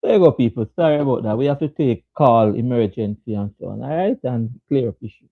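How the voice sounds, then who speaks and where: A man's voice: medium pitch, fairly quick, creaky, no echo. Jamaican guy chatting cricket live, keeps laughing, lo-fi dry sound. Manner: laughing often, greeting viewers by name. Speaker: host. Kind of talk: casual live-stream cricket chat.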